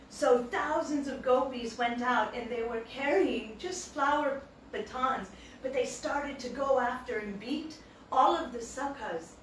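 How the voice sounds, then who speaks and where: Casting: woman storyteller, animated devotional talk, distant mic, faint background hum. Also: high-pitched, unhurried. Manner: animated, acts out quotes. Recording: echoey hall, distant mic.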